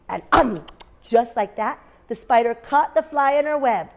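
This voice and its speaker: A woman's voice: a little high, lively intonation, normal speed, darkish tone. A woman teacher in a classroom, reading a picture book aloud to young children, asking them questions and making animal sounds. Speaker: kindergarten teacher.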